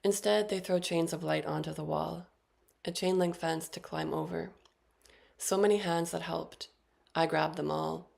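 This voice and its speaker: A woman in her thirties giving a poetry reading, with short spoken introductions between poems and a measured, deliberate delivery. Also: low voice, fairly even intonation, vocal fry, darkish tone. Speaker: featured poet.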